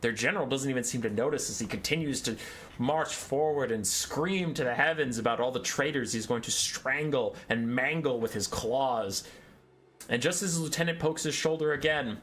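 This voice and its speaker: A man narrating a story and then giving lively play-by-play commentary on a strategy game battle. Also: medium pitch, normal speed.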